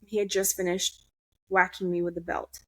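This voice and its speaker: A woman's voice: lowish voice, flat delivery, moderate pace, a bit bright. A young woman guest on a podcast, telling a personal story in a blunt, candid way, swearing freely and restarting her sentences.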